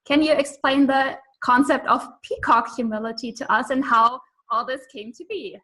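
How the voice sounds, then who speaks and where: A woman's voice: sits high, normal speed, a bit bright, rough recording. A woman host giving a polished introduction and handing over to her guest.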